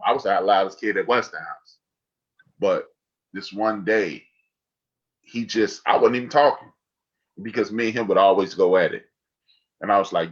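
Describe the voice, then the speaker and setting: A man in his fifties tells a story in a low voice with a bright, forceful edge. He is animated and acts out the lines he remembers. The call audio is dull and lo-fi. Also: husky. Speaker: discussion participant. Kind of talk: casual storytelling.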